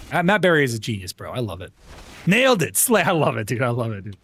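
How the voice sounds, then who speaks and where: A man's voice: medium pitch, very animated, quick pace, fairly bright tone, a little hiss or hum. A man chatting casually on a live gaming stream, upbeat and talkative, stumbling over and repeating words and calling people bro and dude. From United States.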